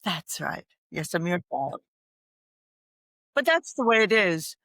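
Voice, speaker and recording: A woman's voice: on the low side, very animated, slow pace, a bit bright, no echo. An older woman speaking as a guest on a podcast interview. She is reflective, reciting poetry and laughing easily. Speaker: guest expert. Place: home in Ireland.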